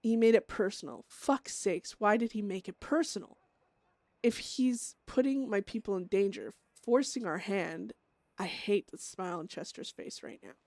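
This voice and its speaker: A woman voicing a troubled outlaw woman who hears voices and craves drugs, speaking her thoughts in a quiet, halting inner monologue. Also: mid-range voice, gravelly, no room sound, natural voice. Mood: torn.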